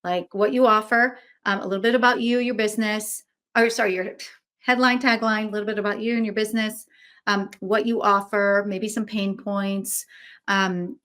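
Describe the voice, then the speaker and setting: A woman co-hosting a casual business webinar, talking chattily with lots of fillers and quick asides. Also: medium pitch, steady tone, fairly bright tone. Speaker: webinar co-host, website business owner.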